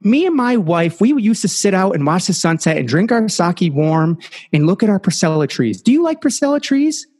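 A man voicing a kindly little old man who speaks in a soft, playful, coaxing way. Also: high-pitched, sing-song, moderate pace, pitched above the performer's own voice. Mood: gently playful.

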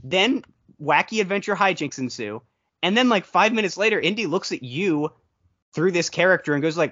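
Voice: mid-range voice, lively intonation, moderate pace, fairly bright tone, muffled recording. A podcast co-host chatting casually about movies, telling long rambling stories with playful quoted asides.

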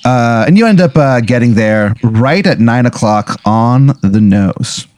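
A man's voice: mid-range voice, animated, unhurried, a little mellow, no echo. A man running an improvised comedy role-play as game master, rambling along with lots of filler words.

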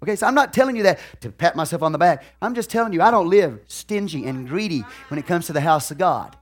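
Fairly high-pitched and animated, the Texan-accented pastor talks fast through his folksy sermon. "Okay?" and "hallelujah" keep popping up as he shifts from soft remarks to shouted lines.

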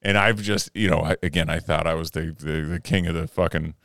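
A young man co-hosting a podcast, chatting casually and telling stories, animated and swearing freely, shouting when he acts out his anger. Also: rumbling low, a little fast, gravelly, no echo, studio quality. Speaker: podcast co-host. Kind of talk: casual chat, storytelling.

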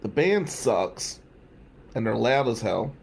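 A man's voice: mid-range voice, very animated, slow, creaky, breathy edge. A man casually telling a personal story in a sardonic, rambling way, full of wry asides.

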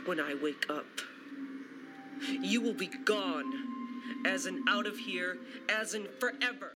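A woman's voice: mid-range voice, takes it slowly, over music, lightly acted. An actress playing a cold, secretive woman in a TV horror drama, speaking in a cool, curt way. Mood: commanding. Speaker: actress in a horror anthology episode. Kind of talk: TV drama acting. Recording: distant, noisy TV clip.

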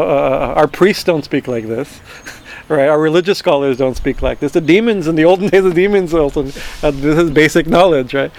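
A man teaching a verse-by-verse scripture class, chanting Sanskrit words slowly and then translating them, with many fillers and restarts. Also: fairly high pitch.

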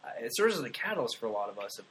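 A man's voice: medium pitch, big pitch swings, rapid-fire, fairly bright tone, a little hiss or hum, rough recording. Man, podcast co-host, casual, rambling, joking. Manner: rambling, many restarts, joking. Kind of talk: casual chat.

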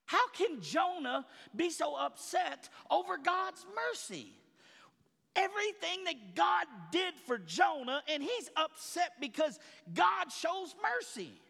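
Fiery pastor with a gravelly, bright voice. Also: male voice, big pitch swings, takes it slowly, long reverb tail. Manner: swings from quiet murmurs to high shouting, dramatic. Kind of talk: sermon.

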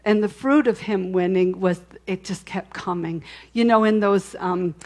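A woman shares her testimony from the pulpit in a mid-pitched, conversational voice. She tells it candidly, doubling back on her words and adding little asides. Her delivery swings between quiet reflection and emphatic declaration. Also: a little slow. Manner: candid storytelling with frequent restarts and asides. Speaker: speaker sharing a testimony.

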